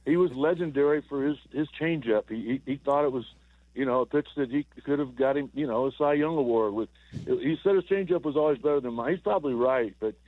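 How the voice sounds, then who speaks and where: This caller, a former ballplayer in his sixties, rambles through stories on sports radio, chuckling and doubling back on words. His medium-pitched voice moves a little fast, and the recording is a dry, tinny telephone line.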